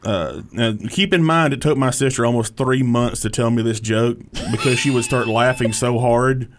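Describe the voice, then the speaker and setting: A man's voice: mid-range voice, moderate pace. A man, a comedian guest chatting in a laid-back, rambling way, laughing often. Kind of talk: casual interview chat.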